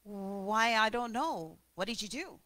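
A woman voicing a calm male rabbi who answers with dry questions. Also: high-pitched, measured pace, heavily acted.

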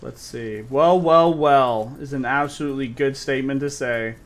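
A man's voice: mid-range voice, normal speed. A young man streaming a horror game and chatting casually with his viewers, swearing often. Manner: swears a lot, chats with viewers. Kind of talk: casual gameplay commentary.

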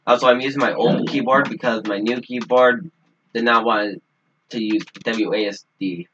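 A man's voice: mid-range voice, steady tone, normal speed. A man doing hyper gameplay commentary, singing nonsense and swearing at the game. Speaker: gaming video creator. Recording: dull lo-fi mic with faint hiss.

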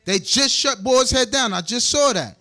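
A male congregation leader preaches in a very high, bright and forceful voice. He talks in a loose, joking way, laughing and stumbling over repeated words as he works through scripture. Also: normal speed. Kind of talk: sermon with scripture commentary.

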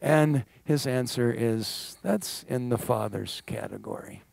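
A middle-aged man preaching a sermon in church, animated with wry asides and quick laughs. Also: mid-range voice, gravelly, dry recording. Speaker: guest pastor. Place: church sanctuary.

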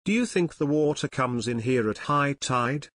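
A man's voice: mid-range voice, lively intonation, normal speed, a bit bright, dry recording, clean studio sound, close to an everyday voice. A man reading an audiobook voices a blunt, sturdy teenage boy who asks direct questions. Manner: blunt, demanding.

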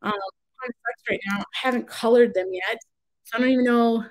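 A woman's voice: a little high, a little fast, poor audio. A woman crafter on her own channel, talking casually in a rambling, exasperated, self-interrupting way from home. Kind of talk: casual vlog rant.

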